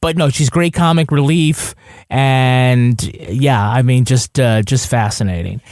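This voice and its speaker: A man's voice: medium pitch, unhurried, a little mellow, no room sound, studio quality. Rambling man podcast co-host. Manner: rambling, swears. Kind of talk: casual chat.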